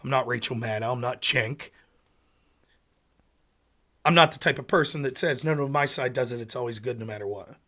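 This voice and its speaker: An American man hosting a political livestream, ranting in an animated, mocking way and sometimes calling himself half asleep. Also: mid-range voice, moderate pace, pauses often. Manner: animated, mocking, slips into loud mocking quotes of opponents. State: sleepy.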